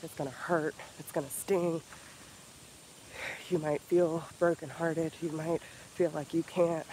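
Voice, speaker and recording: Guy preaching self-love on his vlog, kinda high voice, swears a lot, faint hiss behind. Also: little pitch movement, darkish tone, rough recording. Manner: earnest, profane, slow emphatic repetition. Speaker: spiritual healer vlogger. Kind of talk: casual motivational vlog.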